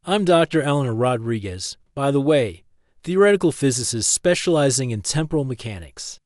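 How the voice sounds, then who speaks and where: A man's voice: medium pitch, animated, moderate pace, darkish tone, dry recording, studio quality, natural voice. A man reading as a chatty woman time-travel physicist. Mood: cheerful. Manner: chatty, apologetic and polite.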